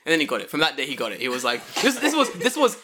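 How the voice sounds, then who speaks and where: A young man with a London accent hosts a casual talk show, swooping up and down in pitch as he tells stories. His voice is bright and forceful, and it sits a little high for a man. He slips into loud, mocking voices to act out the people in his stories. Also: huge pitch swings, racing, a little hiss or hum. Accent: London English. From United Kingdom. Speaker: podcast host. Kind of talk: casual storytelling chat.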